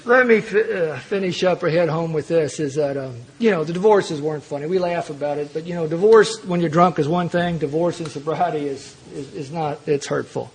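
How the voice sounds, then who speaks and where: An older man from Kentucky tells a long story at a recovery meeting, his voice sitting noticeably high. He talks in a folksy, self-mocking way and often circles back and restarts his phrases. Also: a little fast, few pauses, low-quality recording. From Louisville, Kentucky. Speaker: AA speaker.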